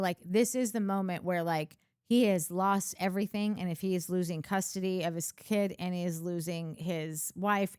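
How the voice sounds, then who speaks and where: A woman's voice: lowish voice, darkish tone, clean tone, no echo, studio quality. Rambling woman chatting on a podcast. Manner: rambling, many fillers and restarts. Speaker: podcast co-host. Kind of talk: casual chat.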